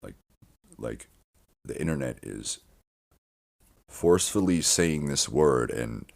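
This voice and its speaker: A man's voice: extremely low pitch, expressive, slow, creaky. A man hosting a podcast, talking in a meandering casual monologue full of restarts and swearing. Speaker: podcast host.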